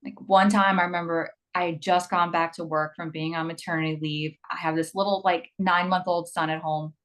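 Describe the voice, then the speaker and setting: Animated woman flight attendant. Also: lowish voice, brisk. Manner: animated storyteller acting out quoted voices with laughs. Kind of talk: casual interview chat.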